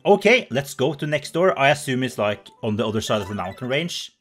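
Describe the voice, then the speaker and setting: A man's voice: mid-range voice, sing-song, fairly quick, a bit bright, soft background music. A man commentating a video game in a playful, bubbly way, gasping and making silly sound effects. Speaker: let's play host.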